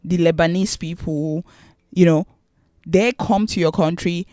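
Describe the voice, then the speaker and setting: A woman's voice: on the low side, steady tone, unhurried, warm tone, no echo, clean studio sound. A young woman vlogging her opinions, exasperated and rhetorical, repeating her questions for emphasis. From Nigeria. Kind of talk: opinionated commentary to camera.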